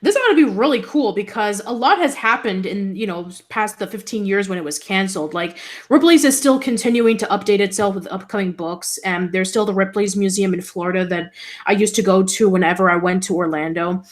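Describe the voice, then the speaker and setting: A woman co-hosting a relaxed online talk show. She talks at an ordinary pitch and pace and reads out news items. Her delivery is halting and full of fillers. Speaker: co-host. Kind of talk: casual podcast chat.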